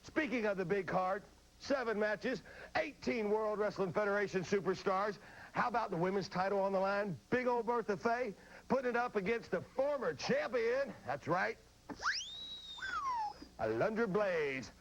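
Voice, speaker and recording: Excitable man hosting a wrestling show. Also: moderate pace, muffled recording. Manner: upbeat, salesy, excitable pitchman. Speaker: TV show host. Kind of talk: energetic event promotion.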